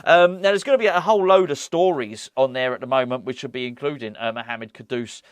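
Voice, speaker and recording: A man's voice: medium pitch, fast, dry recording. A man hosting a football fan channel, giving casual, enthusiastic commentary full of restarts. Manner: chatty, enthusiastic, many restarts.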